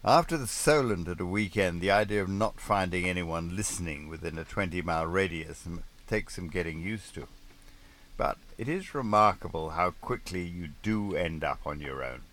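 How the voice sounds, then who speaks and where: Deep, wry male audiobook narrator. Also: animated, moderate pace, fairly bright tone. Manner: dry, wry understatement.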